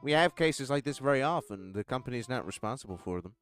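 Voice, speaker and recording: A man's voice: mid-range voice, expressive, fast talker, a bit bright, smooth, soft background music, close to an everyday voice. Kale, a man doing a put-on American HR guy. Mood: dismissive. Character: bored male office HR worker.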